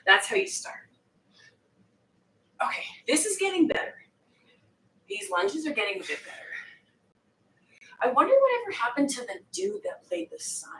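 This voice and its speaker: A woman's voice: on the high side, huge pitch swings, normal speed, pauses often, pushed and bright. A woman fitness coach joking and swearing while she works out, breathing hard. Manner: joking, profane banter while exercising. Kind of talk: live workout coaching. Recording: echoey room, distant mic, faint noise.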